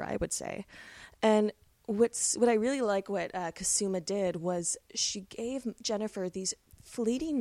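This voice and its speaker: Woman, podcast co-host, film talk, enthusiastic, gravelly, dry. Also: medium pitch, darkish tone, no room sound. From Canada. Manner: enthusiastic, analytical, swears casually. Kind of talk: casual film discussion.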